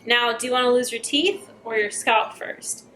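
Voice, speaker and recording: A woman voicing an ancient, menacing male pig farmer who talks in a gruff, mocking way. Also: on the high side, fairly even intonation, normal speed, pushed and bright, slight background noise.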